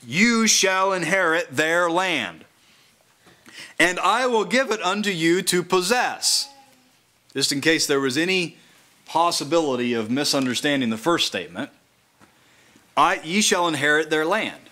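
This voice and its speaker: A man preaching a sermon at a house church, slowly reading scripture aloud and then explaining it in a conversational way. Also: a little high, animated, pushed and bright.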